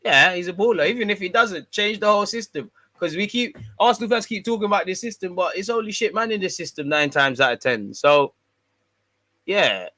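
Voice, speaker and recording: A man's voice: high-pitched, expressive, fairly quick, pushed and bright, no echo. A man hosting a fan channel, casually reading and answering viewer comments in a slangy, bantering way. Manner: slangy, laid-back, bantering.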